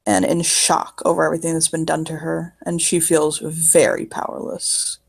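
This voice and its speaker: A player describing a character's actions in a tabletop horror game, halting and casual, swearing freely. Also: mid-range voice, little pitch movement, creaky, slightly rough. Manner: halting, casual, swears often, many fillers.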